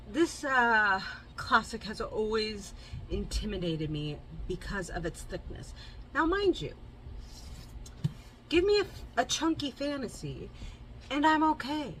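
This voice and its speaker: A woman's voice: fairly high pitch, a bit bright, slight background noise, low-quality recording. A young woman from Kansas with a Midwestern American accent, chatting casually as she hosts a book review. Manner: bubbly, chatty, lots of asides. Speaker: book reviewer, channel host.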